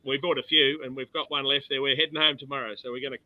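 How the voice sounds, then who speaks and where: An Australian man, a guest distiller, chatting in a relaxed way over a video call. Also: mid-range voice, fast talker. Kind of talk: casual video call chat. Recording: dull lo-fi video call audio.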